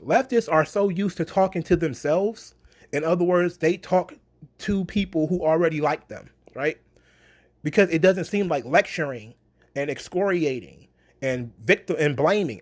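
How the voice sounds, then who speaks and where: A man in a casual opinion rant about wrestling, blunt, sarcastic and profane. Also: a little high. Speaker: wrestling commentary vlogger.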